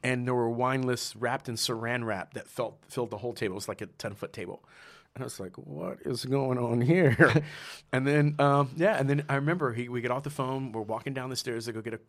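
A man talks through his past in a loose, conversational interview, breaking into laughter and playing out the voices of people he met. His voice sits at an ordinary middle pitch, and the sound is close and dry with no room around it. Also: dry recording. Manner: animated, laughs often, acts out quoted dialogue. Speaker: guest, sommelier and restaurateur. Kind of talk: casual storytelling interview.

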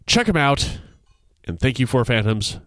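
A man's voice: medium pitch, sing-song, a little slow, fairly bright tone, no room sound. A man co-hosting a casual podcast, joking dryly and reading an ad with mock grandeur. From United States. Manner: dry joking, reads ad copy with mock grandeur. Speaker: podcast co-host. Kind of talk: casual chat.

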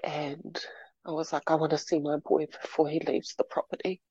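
Aussie woman, lowish mellow voice, dry dull lo-fi sound, halting retelling. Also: level tone, husky, dry recording. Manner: halting, repeats words while recounting. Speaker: interview guest. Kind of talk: personal story told in an interview.

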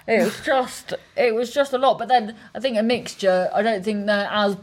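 A woman comedian telling stories on a podcast in a quick, tumbling way, cutting herself off and restarting, laughing often. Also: medium pitch. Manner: quick, self-interrupting storyteller with frequent laughs. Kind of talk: casual chat.

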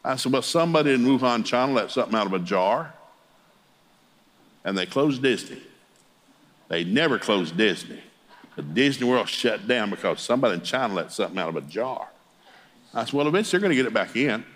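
A man's voice: mid-range voice, big pitch swings, brisk, pauses often, a bit bright. A middle-aged man, a Pentecostal preacher, telling humorous family stories in a sermon and chuckling as he talks. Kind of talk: folksy storytelling sermon.

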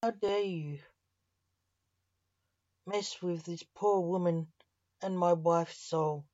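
A grieving widower who rules the grim reapers, read by a woman in her ordinary voice. He speaks slowly and in measured tones. The recording is dull, lo-fi and dry. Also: fairly low pitch, fairly even intonation, warm tone, no echo.

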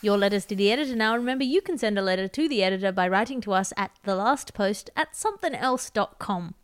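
A woman from Australia hosting a satirical news podcast in a deadpan, mock-exasperated way. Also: mid-range voice, fast, clean tone. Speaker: comedy podcast host.

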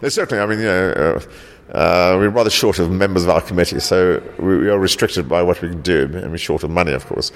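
Deep-voiced man giving halting interview answers. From South Africa. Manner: halting, repeats words, tags sentences with "actually". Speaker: founder of a local heritage group, interviewee.

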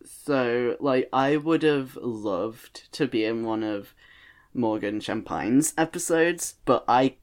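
A man's voice: mid-range voice, slow. A man co-hosting a podcast in casual chat, hesitant and stumbling through many restarts. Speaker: podcast co-host and voice actor.

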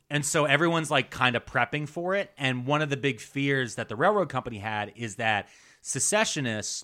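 Brief: male podcast host, animated storyteller, swooping delivery. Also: mid-range voice, clear, resonant tone. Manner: animated, rambling, jokey. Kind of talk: casual history storytelling.

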